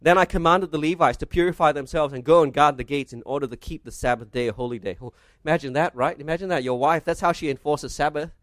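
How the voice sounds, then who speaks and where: A man's voice: a little high, fast, fairly bright tone, dry recording. A man preaching a sermon, reading scripture aloud and asking his listeners rhetorical questions. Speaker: pastor.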